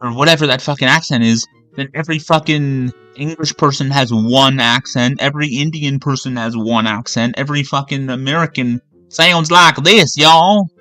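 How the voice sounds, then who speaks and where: A man's voice: mid-range voice, steady tone, fairly quick, hardly any pauses, sharp tone, no echo, faint music behind. A man from Canada ranting angrily and with a lot of swearing while streaming a game. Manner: angry, profane, rambling rant. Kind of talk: ranting commentary over a game.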